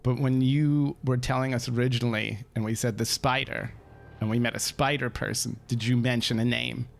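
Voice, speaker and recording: A man at a tabletop role-playing game, shifting between measured in-character lines and loose, chatty table talk. His voice has a gravelly texture at a middle pitch. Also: steady tone. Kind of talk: casual chat and in-character role-play.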